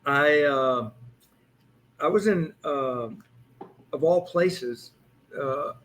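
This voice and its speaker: A man's voice: fairly high pitch, extremely slow, fairly bright tone, low-quality recording. A man in his sixties, a police hostage negotiator, telling anecdotes in a casual interview and acting out the lines he quotes. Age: 60s.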